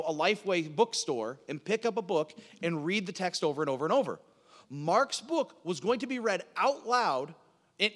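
Male preacher, high animated voice, teaching style with rhetorical questions, reverberant hall sound. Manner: asks the audience questions and answers them, repeats words. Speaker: preacher teaching a Bible class. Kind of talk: sermon-style Bible teaching.

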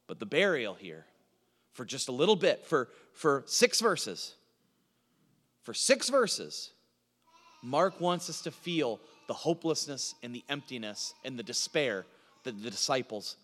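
Animated high-voiced preacher in a reverberant hall. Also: male voice. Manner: animated, repeats phrases for emphasis, asks and answers his own questions. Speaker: pastor. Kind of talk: expository sermon.

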